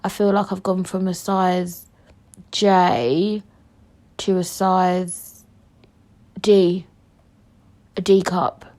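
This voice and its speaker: A young woman telling a storytime on her podcast, joking and swearing, lurching from loud outbursts to low mutters, a little queasy. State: queasy from food poisoning. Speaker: podcast host. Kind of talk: storytime monologue.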